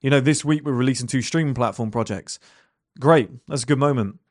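A man's voice: mid-range voice, fairly quick, darkish tone, no echo, clean studio sound. A young man talking bluntly at his desk, swearing and rambling with lots of fillers and rhetorical questions. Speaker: entrepreneur talking to camera. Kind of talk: casual monologue.

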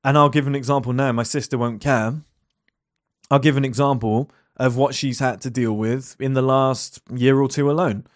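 A man's voice: medium pitch, fairly even intonation, moderate pace, no echo, studio quality. A young man talking bluntly at his desk, swearing and rambling with lots of fillers and rhetorical questions. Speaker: entrepreneur talking to camera. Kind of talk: casual monologue.

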